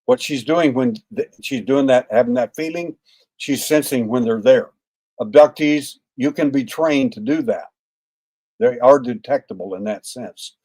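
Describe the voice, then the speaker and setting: A man's voice: medium pitch, unhurried, dark tone. A man in his sixties, a podcast guest telling a story in a folksy way, full of "uh" fillers and acted-out dialogue. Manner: folksy, acts out quoted dialogue, frequent "uh" fillers. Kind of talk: anecdotal storytelling.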